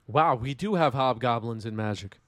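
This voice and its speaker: A man's voice: mid-range voice, moderate pace, a little hiss or hum. A man with a New York accent commentating a live card game stream, wry and reading chat aloud.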